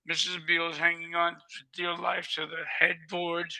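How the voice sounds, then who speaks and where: Older male guest, high gravelly voice, lively raconteur who plays every part. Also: moderate pace, no room sound, low-quality recording. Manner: vivid storyteller who acts out dialogue. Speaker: interview guest. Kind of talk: animated storytelling.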